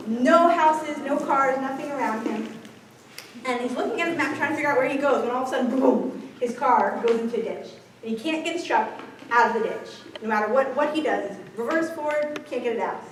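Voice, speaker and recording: Woman, gifted-ed presenter, upbeat, high voice, echoey room, far from mic. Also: fairly quick, a little hiss or hum. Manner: upbeat, chatty storyteller. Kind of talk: presentation to teachers.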